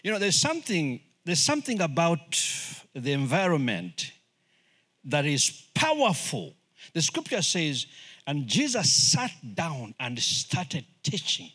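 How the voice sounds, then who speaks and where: Animated preacher man with lively, swooping pitch. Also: unhurried, husky. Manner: animated, repeats words, acts out quoted voices. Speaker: guest preacher, missionary. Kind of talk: lively sermon.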